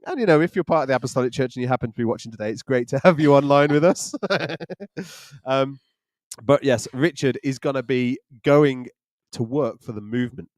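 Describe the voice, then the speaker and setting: A man's voice: mid-range voice, fairly quick, darkish tone, no room sound, studio quality. Jokey man hosting a church livestream. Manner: jokey, chatty, laughs often. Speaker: church leader and co-host. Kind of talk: live online Q&A chat.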